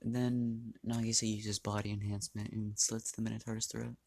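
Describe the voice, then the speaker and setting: A man's voice: fairly low pitch, flat delivery, moderate pace, creaky, a little mellow. A man casually narrating a fan-made story, rambling, restarting lines and swearing freely.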